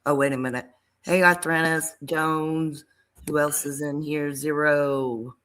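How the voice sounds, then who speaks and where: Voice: medium pitch, fairly even intonation, a little slow, a bit bright, clear, resonant tone. A guest on a livestream, chatting casually with brief reactions and greetings. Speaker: stream guest.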